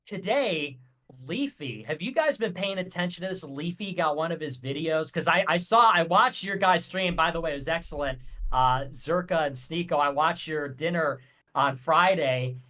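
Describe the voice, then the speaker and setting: A man on a livestream, telling animated stories and acting out the conversations he had. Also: on the high side, normal speed. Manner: animated storyteller, acts out conversations. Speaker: guest on a livestream. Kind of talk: casual livestream chat.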